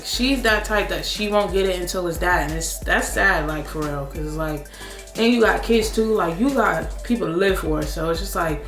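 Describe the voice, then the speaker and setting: A woman's voice: mid-range voice, a bit bright, reverberant. A young woman hosting a reaction show, recapping reality TV in casual, blunt, heavily slangy talk full of swearing.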